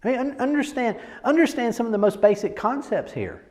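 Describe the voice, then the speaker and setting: Speaking in an extremely high, slightly mellow voice, a man briskly and animatedly coaches a group on presentation in a large hall. He's casual yet emphatic, repeating words and asking "right?" again and again.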